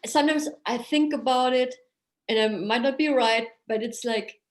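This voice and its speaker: A woman's voice: a little high, moderate pace, roomy sound. A woman therapist from Germany, talking earnestly and animatedly in a casual podcast conversation.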